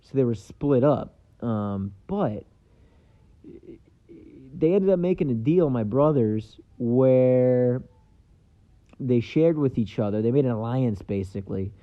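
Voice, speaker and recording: A young man hosting a solo podcast in casual rambling chat, swearing freely and filling pauses with lots of ums. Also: mid-range voice, lively intonation. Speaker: podcast host. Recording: dull lo-fi sound.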